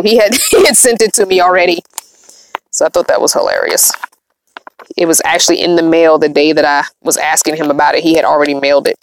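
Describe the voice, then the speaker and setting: A woman's voice: sits low, a little fast, a little hiss or hum. A woman vlogger who lives in a van, chatting casually on a livestream, reading comments aloud and laughing often. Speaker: van-dwelling vlogger reading live chat. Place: inside her van.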